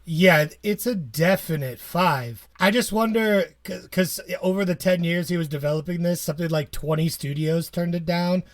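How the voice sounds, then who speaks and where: A man's voice: high-pitched, moderate pace, hardly any pauses, no room sound, clean studio sound. A man co-hosting a podcast, chatting casually and enthusiastically about games and shows. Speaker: podcast co-host. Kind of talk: casual chat.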